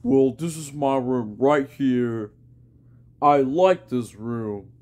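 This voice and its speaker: A man's voice: medium pitch, takes it slowly, a little mellow. A young man making a silly, rambling home vlog in his bedroom, repeating words as he goes.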